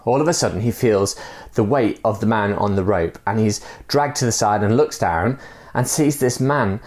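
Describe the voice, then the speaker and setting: A pastor preaching a sermon, telling a fable in a relaxed way with many fillers. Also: male voice, on the low side, moderate pace.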